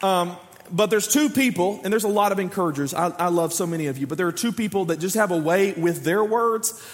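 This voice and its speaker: A pastor of about forty with a high voice delivers a sermon at a fairly quick clip, telling stories with lively energy and acting out the voices of the people he quotes. A long reverb trails his words, as though he's in a big church hall.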